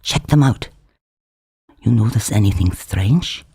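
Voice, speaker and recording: A man's voice: lowish voice, measured pace, creaky, dark tone, slightly rough, no echo, studio quality, pitched below the performer's own voice, full character voice. A man voicing a scheming, conspiratorial Syrian man who fires off urgent questions.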